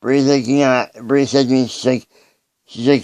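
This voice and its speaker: A man recording a personal video message, speaking earnestly and haltingly, often restarting his sentences. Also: medium pitch, fairly even intonation, a little mellow, clear, resonant tone, no echo.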